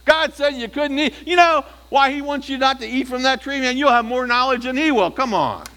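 A preacher voicing a sly, scornful serpent who mocks and tempts. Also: male voice, very high-pitched, brisk, pushed and bright, pitched above the performer's own voice. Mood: mocking. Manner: wheedling, mocking.

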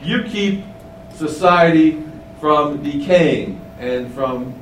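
Male preacher, slightly high voice, deliberate emphatic teaching, roomy echo, a step off the mic. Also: far from the mic, a little hiss or hum. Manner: slow, emphatic teaching with rising stresses. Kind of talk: sermon.

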